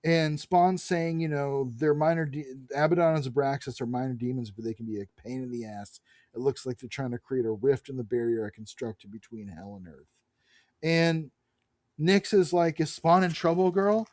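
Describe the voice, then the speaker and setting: A man co-hosting a podcast, recapping a comic book in a casual, animated way, reading characters' lines aloud and swearing freely. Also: mid-range voice, normal speed, no room sound, clean studio sound. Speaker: podcast co-host.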